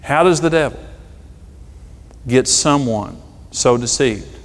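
A middle-aged man, a pastor, preaching a sermon with emphatic delivery and stories told with dramatic pauses. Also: mid-range voice. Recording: long hall reverb.

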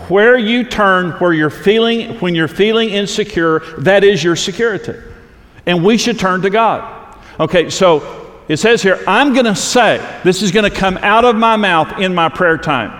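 A man's voice: high voice, moderate pace, a bit bright, long reverb tail. A man preaching a sermon, earnest and repetitive for emphasis, reading scripture aloud to a congregation. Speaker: pastor.

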